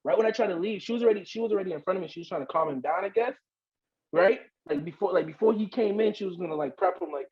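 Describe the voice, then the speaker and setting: A man who is a podcast guest, telling a story in casual chat, animated and slangy and swearing a lot. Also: high-pitched, racing, breathy edge, dull audio.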